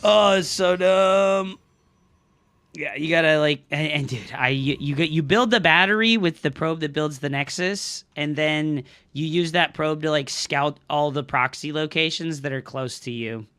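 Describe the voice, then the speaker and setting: A young man streaming a strategy game live, commenting on his play with excitable, profane outbursts and talking to his chat. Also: on the high side, moderate pace, hardly any pauses, clear, resonant tone. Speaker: streamer and coach.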